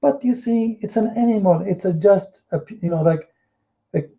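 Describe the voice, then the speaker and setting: Hosting an online debate room, this man talks with mocking scorn, sarcastically acting out what others say in quotes. His voice sits high and gravelly at a moderate pace, and the audio sounds tinny, like a phone line.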